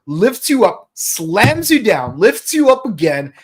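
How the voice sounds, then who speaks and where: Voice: medium pitch, big pitch swings, slow pace, slightly rough. A co-host of a live fan review show, talking casually and rambling, with many restarts. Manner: rambling, full of restarts and sung quotes.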